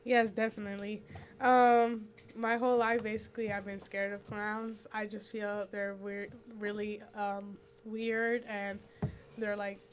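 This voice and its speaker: A woman's voice: medium pitch, level tone, measured pace, slight background noise. A young woman co-hosting a youth talk show, earnest and rambling with many fillers. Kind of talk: casual talk-show chat.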